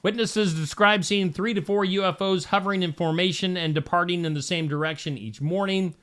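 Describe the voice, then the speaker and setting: A man's voice: high voice, steady tone, fairly quick, a bit bright, smooth. A man hosting a morning show, reading news stories and adding wisecracking, conversational comments between the headlines.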